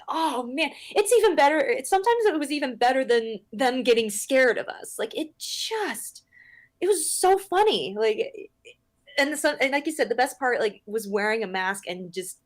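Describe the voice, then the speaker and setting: A woman's voice: high voice, expressive, moderate pace. A woman guest on a casual interview chat, sharing her scare actor stories enthusiastically and laughing easily.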